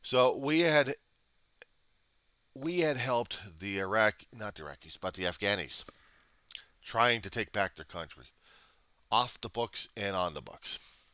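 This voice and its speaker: A man's voice: on the low side, lively intonation, a little slow, pauses often, pushed and bright, clean tone, no room sound. An American man vlogging a rambling, profane history monologue, full of digressions and self-corrections. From United States.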